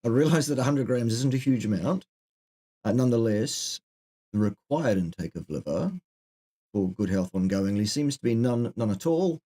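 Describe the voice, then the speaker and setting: A man's voice: mid-range voice, lively intonation, normal speed, mellow. A middle-aged man co-hosting a live question-and-answer chat, who gives dry, joking answers and drifts into asides. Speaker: co-host answering viewer questions.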